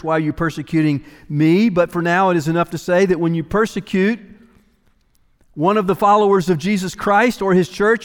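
A pastor with a high-sitting voice preaches a sermon emphatically, repeating phrases for weight and moving between hushed and raised delivery. The recording carries the long reverb of a large hall.

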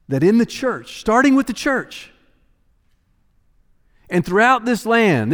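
A man preaching a sermon as pastor, emphatic, repeating phrases for weight and moving between hushed and raised delivery. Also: high voice, big pitch swings, slow, pauses often. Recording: long reverb of a large hall.

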